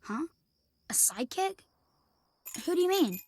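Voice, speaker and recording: A high-voiced puzzled young boy. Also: big pitch swings, a little slow, exaggerated voice. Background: game music.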